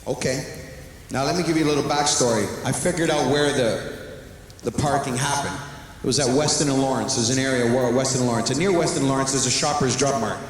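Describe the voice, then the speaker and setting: A man's voice: mid-range voice, quick pace, a little hiss or hum. A man doing stand-up storytelling on an arena stage, animatedly acting out both sides of conversations. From Canada. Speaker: stand-up comedian. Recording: echoey arena with long reverb.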